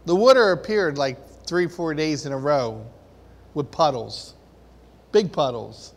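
In an echoey hall with long reverb, a man from the congregation shares a casual testimony during a church service. His voice is fairly high and animated but slow, and he laughs his way through the story.

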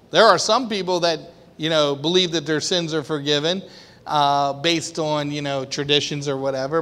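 A man's voice: on the high side, a bit bright. A man preaching an informal sermon to a small group, conversational and laughing, acting out quoted voices. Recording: long hall reverb.

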